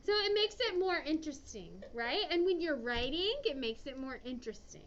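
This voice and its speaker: A woman's voice: high-pitched, big pitch swings, moderate pace, a bit bright, a little hiss or hum. A woman teaching an English grammar lesson to a class, chatty and often checking in with "okay". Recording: dull lo-fi classroom recording.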